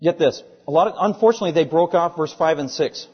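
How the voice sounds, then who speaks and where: Male pastor, emphatic sermon delivery, slightly husky; muffled recording with long reverb. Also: a little high, fast. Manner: emphatic, rhetorical questions, repeats lines for stress. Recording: dull sound, long hall reverb.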